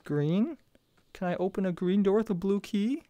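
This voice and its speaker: A woman's voice: medium pitch, animated, moderate pace, dark tone, no room sound. A woman giving profane, reactive commentary as she plays a video game, exclaiming and shrieking at jump scares. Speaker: video game let's player.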